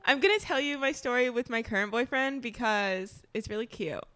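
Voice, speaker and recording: A young woman with a bright, fairly high voice tells dating stories in a loose podcast chat. She giggles often and puts voices on the quotes. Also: lively intonation, a little fast. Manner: giggly storytelling, acts out quotes. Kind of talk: casual chat.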